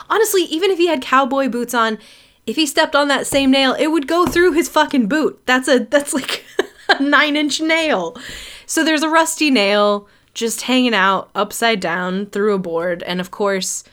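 A woman's voice: high voice, a little slow, a bit bright. Giggly, profane woman recapping a film. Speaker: podcast host. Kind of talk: casual film recap chat.

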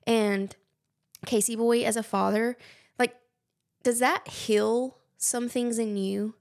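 Young woman hosting, gushy and chatty, fry in her voice. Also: on the high side, fairly even intonation, slow pace. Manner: warm, effusive, gushing. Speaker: podcast host. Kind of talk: casual conversation.

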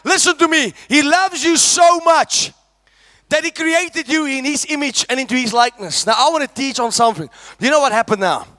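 A man preaching a sermon, shouting and calling out to the congregation. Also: very high voice, normal speed, dry recording, clean studio sound. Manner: shouting, call-and-response preaching.

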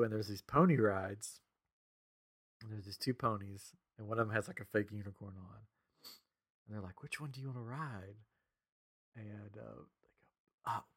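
A man in his thirties, a podcast co-host, telling an animated family story in casual chat, chuckling often and acting out the quotes. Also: fairly low pitch.

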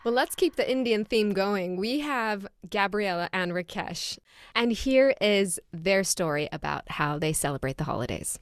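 A woman co-hosting a podcast in casual chat, telling family stories in an animated way with frequent laughter. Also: mid-range voice, normal speed. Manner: animated storyteller, laughs often. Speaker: podcast co-host.

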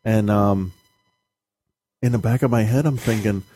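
A man's voice: on the low side, unhurried, dark tone, no echo. A man in his thirties talking casually as a podcast co-host and father, blunt and swearing, laughing at himself. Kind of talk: casual chat.

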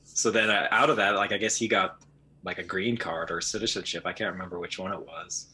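A man who is fluent in Arabic, a guest in a casual chat, talking in a relaxed, rambling way. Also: deep voice, fairly quick, a little hiss or hum. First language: speaks Arabic fluently.

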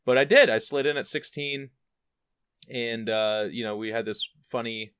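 A man speaking as a podcast guest, telling his story in an animated, profane, self-deprecating way. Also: medium pitch, moderate pace, smooth, no room sound, clean studio sound. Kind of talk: casual storytelling.

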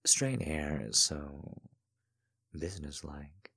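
A refined young gentleman speaks in a low, quiet murmur, very deep and unhurried, as a man reads him. His manner is soft-spoken and charming. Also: expressive, gravelly, full character voice.

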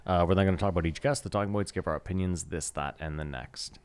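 Low male podcast host, relaxed and joking, loose banter. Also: fast, clean tone. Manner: relaxed, joking, laughs easily.

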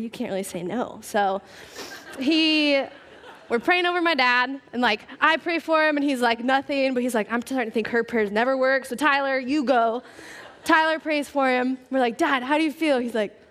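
A young woman giving a casual sermon at church, telling a personal story in a chatty, animated way with lots of "like" fillers. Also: mid-range voice. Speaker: speaker at church.

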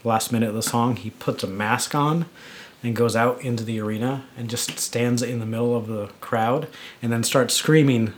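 A man's voice: medium pitch, normal speed, slight background noise. Clergyman co-host telling a story. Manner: animated storytelling, fillers like "you know", "like". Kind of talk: casual chat.

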